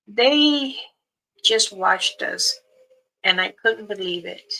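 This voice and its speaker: A woman, a spiritual elder, telling a story in casual spoken style, unhurried, pausing and restarting. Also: medium pitch, expressive, creaky, sharp tone, low-quality recording.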